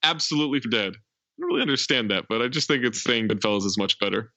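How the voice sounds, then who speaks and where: A man's voice: mid-range voice, fast, dry recording. A man co-hosting a podcast, chatting casually about a film and laughing often. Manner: laughs often, animated banter. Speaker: podcast co-host. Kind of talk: casual film review chat.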